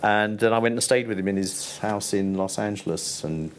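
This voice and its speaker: A man's voice: on the low side, normal speed. An older man, a television producer, telling rambling anecdotes on stage and laughing often. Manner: rambling, laughs often, quotes people in voices. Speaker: TV format producer, interview guest.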